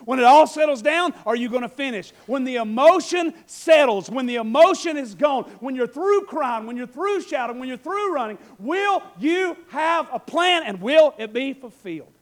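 A male preacher giving a fervent, folksy sermon, repeating phrases and rising into shouts. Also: very high voice, expressive, moderate pace, hardly any pauses. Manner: fervent, repetitive, breaks into shouting; folksy, conversational asides.

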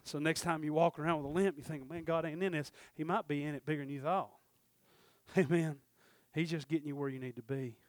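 A man preaching a sermon, telling folksy stories and acting out the dialogue, swinging from shouted peaks down to low murmurs. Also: steady tone, brisk, no room sound. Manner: folksy storytelling with acted-out dialogue. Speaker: pastor.

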